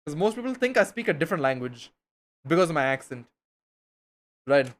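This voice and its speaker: A man's voice: fairly high pitch, very animated, fairly quick, pauses often. A young man from India, chatting casually with his stream viewers in a slangy, rambling way, swearing now and then.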